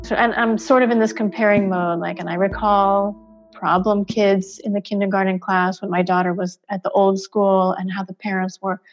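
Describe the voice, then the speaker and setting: A woman's voice: medium pitch, normal speed, soft background music. Woman, interviewed parent, candid storyteller, acts out quotes, filler-heavy, muffled recording. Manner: animated, acts out quoted dialogue, many fillers. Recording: dull, muffled sound.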